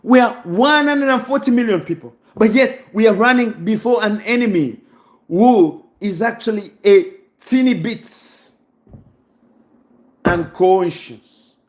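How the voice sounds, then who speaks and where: A man's voice: sits high, expressive, normal speed. A Congolese man giving an impassioned, preaching monologue, full of rhetorical questions and close to tears with emotion. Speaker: channel host.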